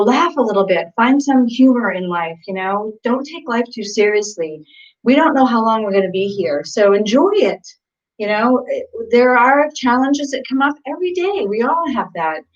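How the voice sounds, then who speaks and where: A woman's voice: mid-range voice, recorded from a distance. A woman co-hosting a live workout stream, talking in a loose, rambling way and laughing easily between thoughts. Her voice sits in a middle range. It is picked up from well away from the mic, and the sound is dull and lo-fi. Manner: chatty, giggly, rambling. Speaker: fitness coach and co-host. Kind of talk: casual livestream chat.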